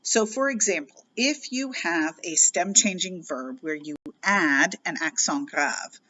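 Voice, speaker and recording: Woman, teacher, patient explanation, bright tone, lowish pitch, muffled lo-fi recording. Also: a little slow. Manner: patient, explanatory, spells out letters. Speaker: French teacher. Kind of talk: recorded grammar lesson.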